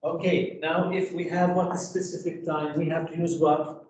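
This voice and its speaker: Male teacher, rhetorical questions to the class, slightly high voice, echoey classroom recorded from afar. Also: level tone, normal speed, recorded from a distance, noisy background. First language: Arabic. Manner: asks the class rhetorical questions, many "you know" fillers. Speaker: English teacher. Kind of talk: classroom grammar lesson.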